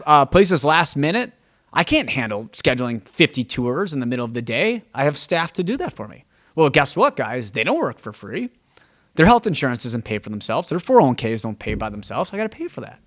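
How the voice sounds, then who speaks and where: Male podcast host, real estate agent; slightly high voice, quick and emphatic, casual monologue. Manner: animated, emphatic, repeats words when thinking aloud; acts out quoted exchanges with clients.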